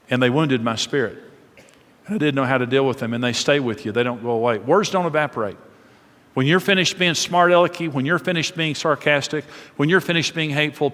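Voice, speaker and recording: A middle-aged man preaching a sermon as pastor, earnest and preacherly, drawing out key phrases slowly. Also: mid-range voice, fairly bright tone. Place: church auditorium. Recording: long reverb of a large hall.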